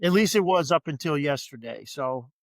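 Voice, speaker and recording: A middle-aged man from New Orleans, Louisiana, with the accent to match, appears as a podcast guest, chatting casually and telling stories with easygoing, joking humor. His fairly high voice is expressive at a moderate pace, and the recording is dry.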